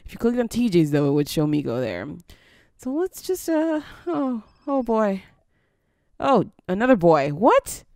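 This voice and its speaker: Her mid-range, darkish voice swings widely in pitch while staying unhurried, captured at studio quality with no room sound. She offers casual, chatty let's-play commentary through a desk mic with headphones on, easily surprised and coaxing her character along.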